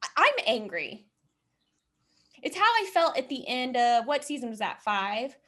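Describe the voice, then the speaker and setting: A woman hosting a reaction show, ranting with lots of swearing and quick apologies. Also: high voice, big pitch swings, bright, forceful tone. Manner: fast, swearing, impassioned, apologetic. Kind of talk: heated reaction rant.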